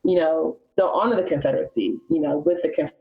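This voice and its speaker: A woman's voice: deep voice, quick pace. A woman from Alabama, a guest on a podcast, explaining history in a chatty, informal way. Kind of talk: casual podcast chat. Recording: slightly dull lo-fi sound.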